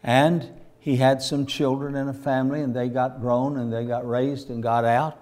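A man's voice: mid-range voice, little pitch movement, normal speed, a little mellow. A man preaching a sermon, telling stories in a folksy way and rising to fervent emphasis. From Virginia, USA.

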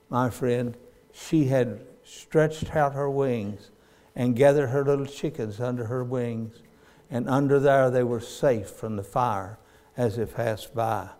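Folksy older preacher with a twang. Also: male voice, mid-range voice, fairly even intonation, unhurried. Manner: folksy storytelling preaching with sudden loud cries. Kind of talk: sermon.

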